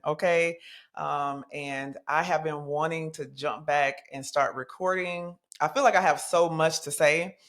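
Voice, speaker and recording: A woman of about forty hosting a podcast, talking in a chatty, animated way with plenty of casual slang, as if catching up with friends. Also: low voice. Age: 40s. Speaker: podcast host.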